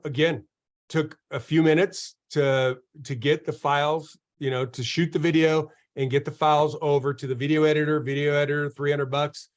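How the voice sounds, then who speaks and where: Chatty man hosting a marketing webinar. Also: fairly high pitch. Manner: chatty, repeats himself, acts out quotes. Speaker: dental marketing webinar host. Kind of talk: casual webinar teaching.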